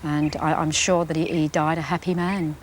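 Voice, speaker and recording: A woman's voice: sits low, little pitch movement, moderate pace. A woman recalling events in an interview, chatty and acting out remembered dialogue. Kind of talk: interview recollection. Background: loud background music.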